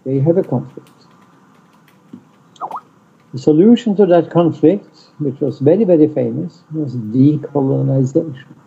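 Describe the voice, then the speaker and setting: A man lecturing in an online seminar, deliberate and blunt, stressing single words, over muffled call audio. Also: fairly high pitch, gravelly, slightly rough. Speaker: lecturer on peace studies. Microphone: video call.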